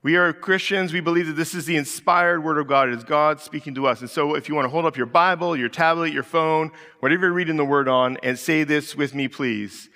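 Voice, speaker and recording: A man in his thirties preaching a sermon, telling stories in a relaxed, conversational way and acting out the voices of the people in them. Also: on the high side, brisk, few pauses. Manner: conversational storytelling, acts out quoted voices. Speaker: pastor. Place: church hall. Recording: echoey hall.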